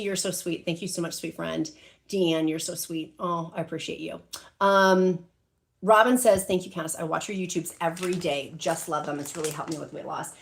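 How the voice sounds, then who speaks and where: A woman's voice: on the low side, gravelly. Gushing, emotional woman livestream host. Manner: gushing, emotional, many "like" and "um" fillers. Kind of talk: casual live-stream chat reading comments.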